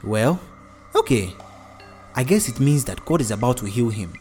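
A drowsy, teasing husband answers his wife in an easygoing way, voiced by a man reading aloud. His voice is mellow and dark. Soft music sits underneath. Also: mid-range voice, big pitch swings, moderate pace, natural voice.

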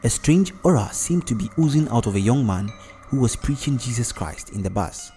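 Man narrating a story, steady and measured. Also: medium pitch, faint music behind. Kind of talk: storybook narration with character voices.

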